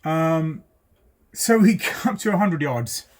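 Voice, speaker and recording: A man, a driving instructor telling a story in a lively way, full of ums and acted-out voices. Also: on the high side, takes it slowly. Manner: animated, acts out voices, many ums. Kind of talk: casual storytelling.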